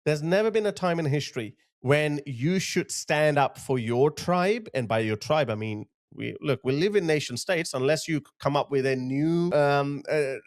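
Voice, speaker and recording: Man, political commentator, impassioned, emphatic, indignant, repetitive, slightly high voice. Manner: emphatic, indignant, repeats phrases for force.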